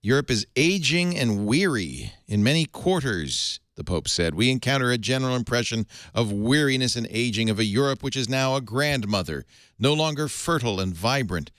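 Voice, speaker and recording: Guy hosting a tech chat show, super animated voice, laughs a lot, jokes around, dry mic. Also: mid-range voice, moderate pace, no echo. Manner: joking, reads quotes aloud, laughs often. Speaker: podcast host. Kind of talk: casual panel chat.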